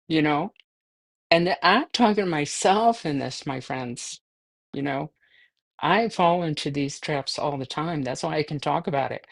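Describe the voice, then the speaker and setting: Buddhist nun, relaxed spoken dharma talk, gravelly voice with many fillers. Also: female voice, low voice. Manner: conversational, self-deprecating, many fillers. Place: livestreamed talk.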